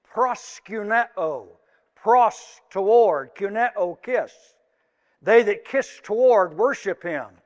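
Slow, high-voiced male preacher in a hall. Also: lively intonation. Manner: slow, emphatic delivery with drawn-out words. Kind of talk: sermon. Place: church sanctuary. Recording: long hall reverb.

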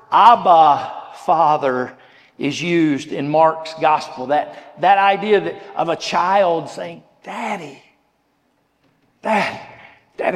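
Earnest preacher in a reverberant hall. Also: male voice, on the high side. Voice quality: earnest, repeats words as he searches for them. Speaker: pastor. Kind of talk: sermon.

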